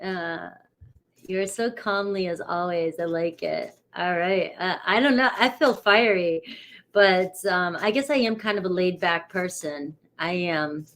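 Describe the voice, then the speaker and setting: A woman's voice: fairly low pitch, unhurried, fairly bright tone. A middle-aged woman from New England who reads tarot, chatting casually on a live stream and greeting viewers by name in a rambling way. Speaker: tarot reader.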